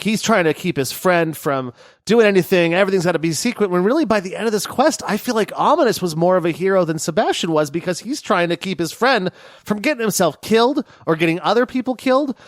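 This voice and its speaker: A man co-hosting a gaming podcast in casual chat, talking in an animated way and laughing easily. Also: high voice, no echo, studio quality. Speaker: podcast co-host.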